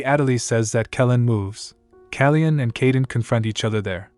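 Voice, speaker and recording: A man reading a scripted story recap in a flat, even, somewhat stiff way. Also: medium pitch, moderate pace, no room sound, soft background music. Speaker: narrator. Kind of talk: scripted manhwa recap narration.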